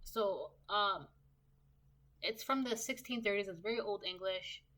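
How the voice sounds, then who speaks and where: Bright-voiced woman giving a rambling tarot reading. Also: mid-range voice, measured pace. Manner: rambling, tags sentences with "right?". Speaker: tarot reader. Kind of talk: casual spoken tarot reading.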